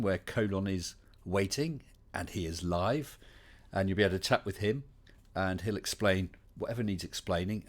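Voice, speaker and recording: Chatty English West Country man, low voice. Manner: chatty and welcoming, many fillers. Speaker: livestream host. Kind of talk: casual livestream chat.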